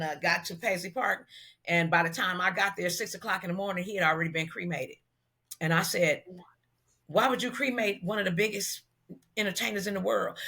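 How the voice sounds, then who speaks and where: A middle-aged woman from Los Angeles, a hairstylist guest telling a story in an interview and acting out the dialogue as she goes. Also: medium pitch. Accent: Southern California African American Vernacular. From Los Angeles, USA. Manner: animated storyteller who acts out quoted dialogue.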